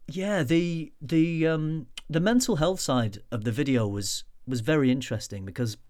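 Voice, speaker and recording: A man's voice: a little high, moderate pace, a little mellow, no echo, clean studio sound. A man co-hosting a casual podcast, chatty and teasing in a friendly way. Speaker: podcast co-host. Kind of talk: casual chat.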